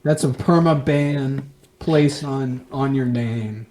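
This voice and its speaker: A man's voice: mid-range voice, takes it slowly, over a noisy crowd. A man co-hosting a podcast, teasing his friends in playful casual banter. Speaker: podcast co-host. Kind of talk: casual chat.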